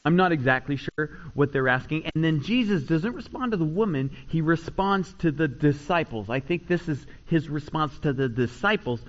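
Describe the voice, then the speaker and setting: Pastor, male, highish voice, animated preaching, muffled lo-fi recording. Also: moderate pace, few pauses. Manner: animated preaching, rising loud on acted cries, dropping low and quiet for asides. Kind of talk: sermon.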